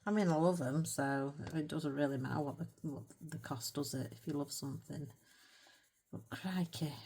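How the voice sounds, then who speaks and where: A woman's voice: low-pitched, fairly even intonation, moderate pace, darkish tone, slightly rough. A middle-aged British woman chatting casually as she colours, rambling and self-mocking, with little laughs between thoughts. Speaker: colouring channel host. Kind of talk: casual chat while colouring.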